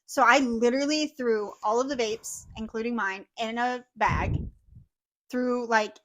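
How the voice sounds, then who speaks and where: A young woman co-hosting a podcast tells a personal story casually and with animation, her pitch fairly high and her pace a little slow. She swears freely and acts out what people said, with a noisy background behind her.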